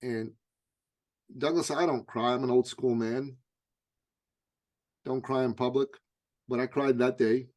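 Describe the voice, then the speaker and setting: A man's voice: mid-range voice, steady tone, measured pace, long pauses, a little mellow. A middle-aged man, a guest in an interview, telling a personal anecdote vividly and often restarting with stammered "I, I".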